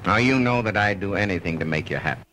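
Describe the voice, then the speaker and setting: A wealthy father with a dry, sardonic wit who gives in to his daughter. His voice is bright and forceful and moves lively in pitch. A faint hiss sits under the old soundtrack. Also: fast talker, low-quality recording. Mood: persuading. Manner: sardonic, wry. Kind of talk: 1930s film acting.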